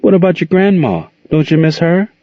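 A man's voice: fairly high pitch, sing-song, brisk, dark tone, no room sound, pitched above the performer's own voice. A man voicing an older aunt, folksy, firm and protective, in a dull muffled recording. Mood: tender. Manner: folksy, scolding then tender. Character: warm firm older aunt raising kids.

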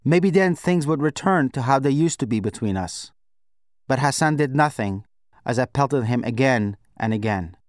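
A man narrating a novel in the first person, in a measured, reflective way. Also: mid-range voice, lively intonation, no echo, clean studio sound. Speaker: audiobook narrator. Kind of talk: scripted narration.

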